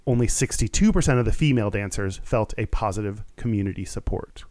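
A man's voice: lowish voice, animated, brisk, a little mellow, no echo. A man from Houston co-hosting a casual podcast, rambling with lots of fillers and self-mocking asides. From Houston, Texas. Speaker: podcast co-host. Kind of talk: casual chat.

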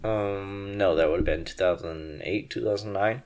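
A man's voice: sits low, moderate pace, a little mellow. Young man, from the western US, drunk, rambling, podcast co-host, casual chat. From Western United States. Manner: rambling, laughing, tipsy.

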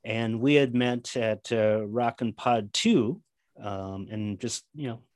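A man's voice: mid-range voice, slow, darkish tone, no room sound, clean studio sound. A man chatting as a podcast guest, telling long, rambling stories full of fillers and restarts. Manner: rambling storytelling, many fillers. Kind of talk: casual chat.

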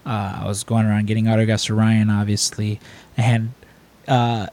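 A man's voice: lowish voice, level tone, moderate pace, warm tone. A young man co-hosting a podcast, telling stories in a rambling casual chat with lots of fillers and restarts. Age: young adult. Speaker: podcast co-host.

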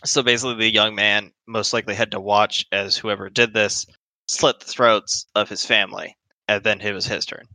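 A man narrating a tabletop horror game as game master, halting often with fillers as he describes scenes. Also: on the low side, level tone, sharp tone, no echo. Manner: hesitant, halting with many fillers.

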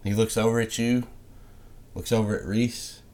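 A man's voice: lowish voice, little pitch movement, moderate pace, darkish tone. A man narrating as game master of a tabletop game, rambling along with many fillers.

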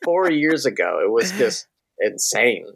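A man co-hosting a comedy podcast, chatting casually and crudely. His voice has a gravelly, fried texture. His pitch bounces around animatedly as he riffs. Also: big pitch swings, measured pace, a bit bright. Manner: playful, crude, jumps into silly voices. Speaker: podcast co-host.

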